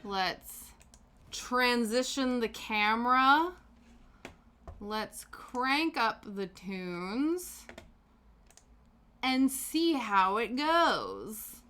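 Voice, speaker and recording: Female streamer, casual chatter, unhurried delivery, self-deprecating humor. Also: fairly high pitch, animated, pushed and bright, smooth. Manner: chatty, self-mocking, giggly. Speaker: livestream host. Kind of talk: casual livestream chat while crafting.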